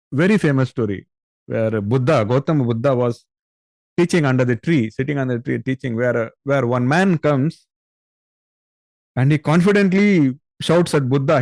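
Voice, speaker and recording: Brief: male spiritual teacher, slightly high voice, dry close sound, patient explainer who keeps asking listeners questions. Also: a little mellow, no echo. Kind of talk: spiritual discourse on scripture.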